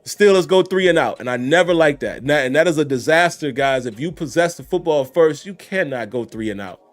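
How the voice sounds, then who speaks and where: A man's voice: a little high, lively intonation, a little fast, soft background music. Casual man reacting to a football game. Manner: conversational, addresses viewers as y'all and guys. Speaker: sports commentator host.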